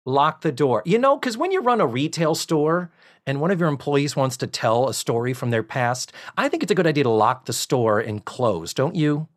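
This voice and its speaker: Animated man recapping an old sitcom. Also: on the high side, moderate pace. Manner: animated storyteller, acts out quoted lines with sarcasm. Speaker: podcast co-host recapping a sitcom. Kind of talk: casual chat, episode recap.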